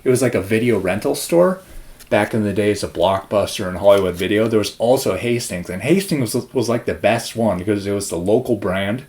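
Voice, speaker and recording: A man's voice: lowish voice, brisk, darkish tone. A young man from the Spokane area, chatting in a rambling vlog, slightly out of breath and prone to tangents. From Spokane area, US Pacific Northwest. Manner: rambling, self-interrupting, chatty. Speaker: vlogger.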